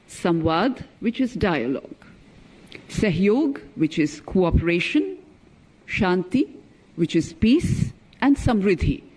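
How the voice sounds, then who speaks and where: Emphatic high-voiced diplomat speaking. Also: male voice, darkish tone, slightly rough. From India. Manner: emphatic, stresses key words, measured delivery. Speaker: former ambassador, conference speaker. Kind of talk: formal keynote speech.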